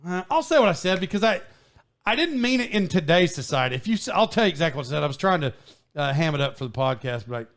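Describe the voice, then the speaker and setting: A man hosting a podcast, telling a story in a casual, animated way with frequent laughs and restarts. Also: on the high side, fast. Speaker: podcast host.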